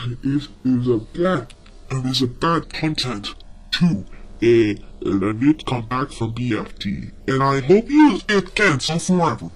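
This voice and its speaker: A man's voice: mid-range voice, fairly bright tone, breathy edge. A man voicing a short-tempered boy in a cartoon who rants and complains about web shows with a sneering manner. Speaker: ranting character.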